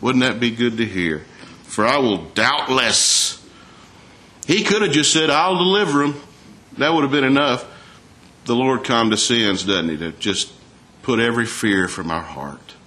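A man's voice: medium pitch, animated, normal speed, sharp tone. Folksy preacher man. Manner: folksy, asks the congregation questions, reads scripture aloud. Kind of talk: sermon.

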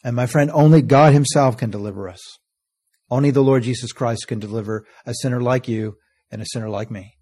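A man preaching a sermon, earnest, reading scripture slowly and letting phrase ends fall soft. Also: medium pitch, slightly rough. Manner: earnest, often trailing off softly at phrase ends; reads scripture in slow, stressed King James cadence.

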